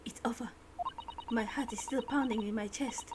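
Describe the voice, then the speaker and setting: A woman voicing a gentle, formal young woman from a game, speaking softly and earnestly. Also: fairly high pitch, fairly even intonation, normal speed, very noisy, natural voice. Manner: soft and earnest.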